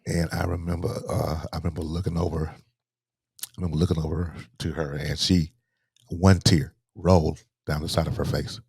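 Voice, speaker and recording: A middle-aged man, softly telling a personal story as a podcast guest, halting and restarting as he speaks. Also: very deep voice, flat delivery, slightly rough, no echo, studio quality. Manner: soft-spoken, halting, with repeated restarts.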